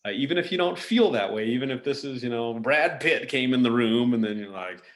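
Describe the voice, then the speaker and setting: A man's voice: medium pitch, expressive, a little fast. Rambling, easygoing male podcast host. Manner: loose and rambling, with many restarts. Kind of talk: casual conversational chat.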